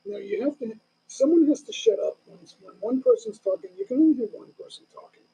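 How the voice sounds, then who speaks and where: A man's voice: very high-pitched, expressive, brisk, vocal fry, mellow, slightly rough, low-quality recording. A man in his sixties hosting a casual live stream from home, rambling loosely through stories with many restarts. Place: home in the Philippines.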